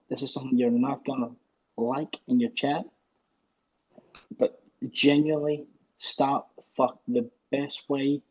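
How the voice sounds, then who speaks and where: A man's voice: medium pitch, a little mellow, husky. A Scottish man calling in to a show, speaking in an argumentative, insistent way over a poor phone line. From Scotland. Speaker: caller.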